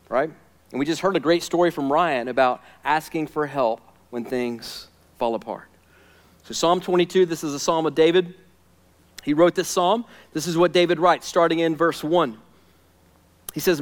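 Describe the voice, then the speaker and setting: A male pastor preaching a sermon with a high voice that rings out in a large hall with long reverb. He is emphatic and conversational, going from loud, pressing lines to hushed, close ones.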